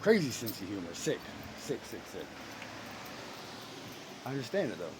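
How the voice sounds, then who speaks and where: A man talking about his beliefs in a casual, earnest monologue that turns suddenly loud and high at times. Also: sing-song, moderate pace, background noise. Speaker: parent sharing personal beliefs.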